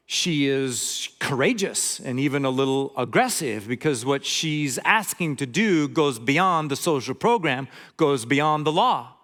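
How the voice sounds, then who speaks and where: Older guy preaching a relaxed sermon, kinda high voice, jokey asides as he reads. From Montana. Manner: chatty, joking asides while reading scripture. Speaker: guest preacher. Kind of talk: conversational sermon.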